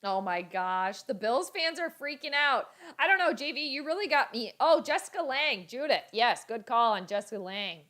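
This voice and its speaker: A young woman with a slightly high voice hosts a casual live reaction stream. She chats easily with her viewers and reads their comments aloud. Every so often she breaks into excited outbursts over the game. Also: moderate pace, few pauses.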